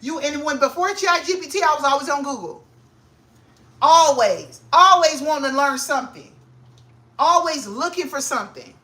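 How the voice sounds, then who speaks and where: Bright-voiced young woman, excitable and slangy. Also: moderate pace. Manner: excitable, slangy, grows loud and high when hyped. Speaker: vlogger. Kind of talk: casual chat to camera.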